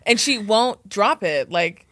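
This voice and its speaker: A young woman hosting a podcast, telling stories in emphatic, animated casual chat with lots of filler words. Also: mid-range voice, takes it slowly, no room sound. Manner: animated, emphatic storyteller, heavy filler use. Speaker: podcast host.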